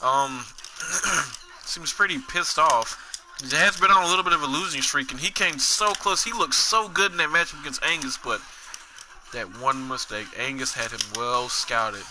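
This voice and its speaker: Rambling young gamer commentator, slightly high voice, noisy recording. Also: male voice, moderate pace. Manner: rambling, joking, self-mocking. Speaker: gameplay commentator. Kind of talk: casual gameplay commentary.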